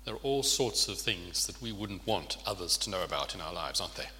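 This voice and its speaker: Preaching earnestly and often posing rhetorical questions, this man speaks in a low, expressive voice that is a little fast, pushed and bright. There's slight background noise, and the sound echoes with the long reverb of a large hall.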